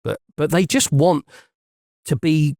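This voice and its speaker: A man co-hosting a podcast, chatting casually in a jokey, animated way and laughing often. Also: fairly high pitch, slow, gravelly, dry recording, studio quality. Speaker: podcast co-host. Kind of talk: casual chat.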